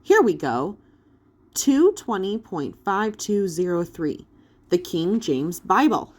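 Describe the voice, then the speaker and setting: A woman's voice: medium pitch, big pitch swings, takes it slowly. A woman voicing a practical, organized boy who speaks matter-of-factly for an audiobook.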